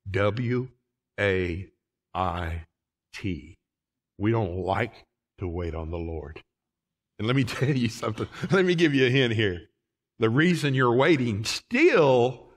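Folksy pastor preaching. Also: male voice, fairly low pitch. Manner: preaching with rising fervor, folksy asides. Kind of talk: sermon. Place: church sanctuary.

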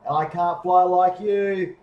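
A man's voice: high voice, steady tone, a little slow, echoey room, muffled recording. A man voicing a kind, modest male bear in a cape while reading a picture book aloud, in an earnest, cheerful way.

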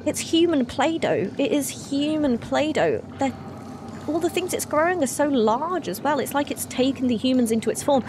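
A woman streaming a horror game, chatting excitably with her viewers and swearing freely. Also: high-pitched, normal speed, noisy background.

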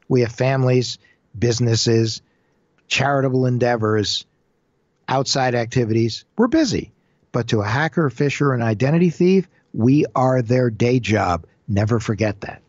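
Here a man interviewed for his identity-theft expertise spins lively anecdotes, performing quotes from both con artists and the people they targeted. His voice sits at medium pitch and sounds slightly rough, with no room sound and clipped high frequencies.

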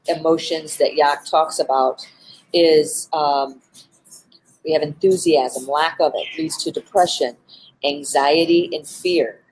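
A woman's voice: sits low, slight background noise, rough recording. A woman who works with animals, hosting a casual live stream, talking earnestly with frequent ums and restarts. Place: indoors with animals around.

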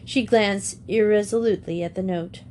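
Lady reading an old school story, steady clear narration, mid pitch. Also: normal speed, slight background noise. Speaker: audiobook reader. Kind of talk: reading a children's novel aloud.

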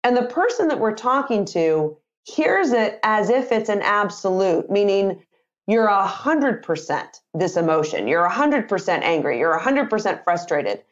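Lively, animated woman guest. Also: medium pitch, moderate pace, dull audio. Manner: energetic, animated, quotes phrases in lively voices. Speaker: guest, communication author and sales trainer. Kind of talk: conversational podcast interview.

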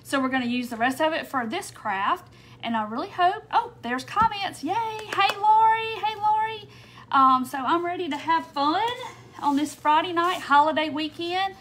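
A woman's voice: sits high, normal speed, a bit bright, slight background noise. A middle-aged woman hosting a casual craft live stream, chatting and greeting viewers by name while she works.

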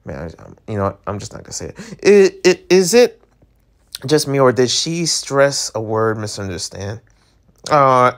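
A man casually reading a webtoon aloud, reacting excitedly to scenes with gasps and laughter. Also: mid-range voice. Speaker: webtoon reader. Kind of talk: casual read-along with reactions.

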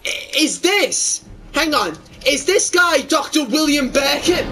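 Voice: high-pitched, lively intonation, slow, pushed and bright, far from the mic. A gamer giving let's-play commentary during a horror game, talking to themself and to viewers and swearing when startled.

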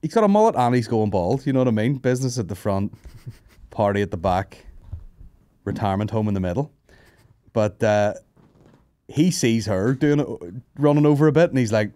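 A man's voice: medium pitch, moderate pace, dark tone, clean tone, dry recording. A man hosting a comedy podcast, telling rambling, sweary stories, laughing and mimicking people. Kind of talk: casual storytelling chat.

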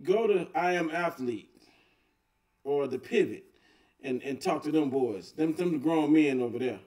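Brief: a male reaction host, relaxed and agreeing, pitched a bit high, recorded off-mic. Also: unhurried, far from the mic. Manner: laid-back, agreeing, chuckling. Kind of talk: casual reaction commentary.

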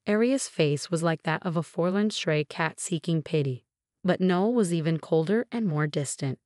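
Woman narrator, scripted storytelling, steady and even, lowish voice, dry close recording. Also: normal speed, no echo.

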